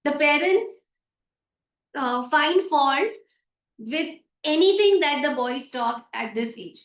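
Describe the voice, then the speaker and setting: Speaking slowly, a woman with an Indian English accent uses a high, expressive and slightly bright voice. She is teaching a story online, paraphrasing its lines and acting out day-to-day comments, and the video-call recording is echoey, far off and dull.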